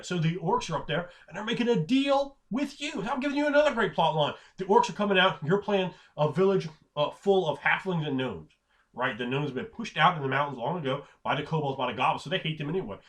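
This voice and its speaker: A man's voice: a little high, fast talker. Rambling, tired man talking tabletop games. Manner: rambling, animated, swears, acts out characters. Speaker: game master giving advice. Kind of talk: casual tabletop gaming talk.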